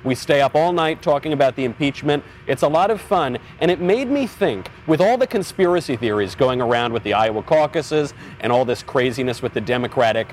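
A man's voice: mid-range voice, animated, a little fast, hardly any pauses, a little hiss or hum. A man joining a podcast from a distance, speaking with mock-grandiose, dry humor. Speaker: podcast co-host joining remotely. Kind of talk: casual podcast banter.

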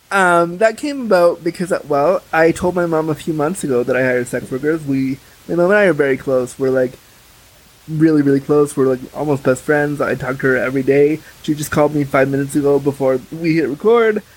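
A man's voice: a little high, brisk, rough recording. A young man talking frankly and chattily as a podcast guest, full of fillers. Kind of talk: candid casual conversation.

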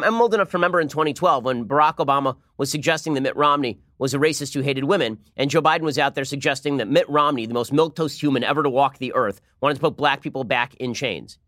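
A man delivers political commentary in a rapid-fire, argumentative torrent. His voice sits a bit high, and his sarcasm cuts through constantly. The studio sound is dry and close. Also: a bit bright, no room sound.

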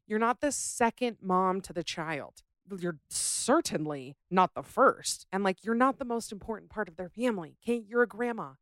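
A woman's voice: medium pitch, normal speed, no room sound, studio quality. A young adult woman hosting a podcast, chatting casually and ranting with sass about listener stories. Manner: sassy, animated, ranting. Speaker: podcast host.

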